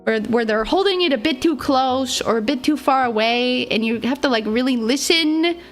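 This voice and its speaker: A woman's voice: sits high, expressive, normal speed, faint music behind. A young woman streamer telling a story to her live chat in a casual, rambling way, giggling often and joking about herself. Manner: giggly and rambling, laughs often between phrases; self-deprecating, playful. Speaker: VTuber streamer.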